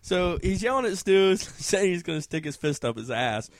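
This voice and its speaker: A man's voice: high voice, big pitch swings, moderate pace, dry recording. A man telling a casual story, often laughing and acting out what other people said.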